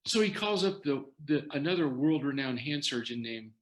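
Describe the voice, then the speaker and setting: A man's voice: a little high, expressive, moderate pace. An older man telling his own story in a talk, quoting others' words as he goes. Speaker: guest sharing his story.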